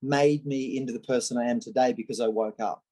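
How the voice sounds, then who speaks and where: A man, a guest in an interview, telling candid personal stories in an animated way and acting out the voices of the people he quotes. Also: mid-range voice, brisk, husky, poor audio. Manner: animated, acts out quoted voices, frequent restarts. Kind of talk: candid conversational storytelling.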